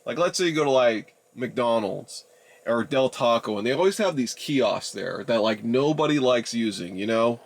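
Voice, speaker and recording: A man in his twenties, a YouTuber, reviews a DVD player by walking viewers through a test in loose, rambling commentary. He sounds exasperated, repeatedly addresses his audience as "ladies and gentlemen," and speaks at a typical male middle pitch. His gravelly voice is animated and moves at a moderate pace.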